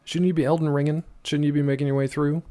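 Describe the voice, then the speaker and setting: A man's voice: fairly high pitch, little pitch movement, fast talker, dark tone. A man streaming a game live, chatting casually and teasing his chat as he answers them.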